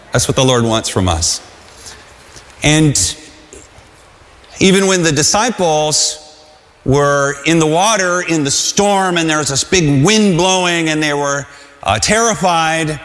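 A man with a fairly high voice preaches a sermon in a church hall, earnest and given to repeating his phrases. His voice rings out with a long reverb around it. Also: a bit bright. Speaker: pastor.

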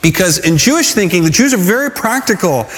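A man preaching a sermon, telling stories with animated energy and asking the congregation rhetorical questions. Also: high voice, a little fast, long reverb tail. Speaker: pastor.

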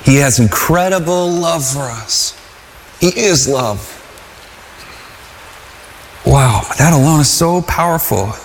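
A man preaching a sermon in an earnest, halting way, with restarts and calls that rise to shouts. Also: fairly high pitch, animated, a little hiss or hum. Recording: long hall reverb.

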